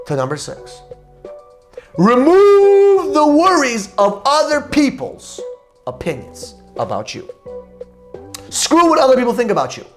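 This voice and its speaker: A man hosting a motivational podcast, talking in a loud, emphatic, preachy way about energy and confidence. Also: very high-pitched. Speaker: podcast host.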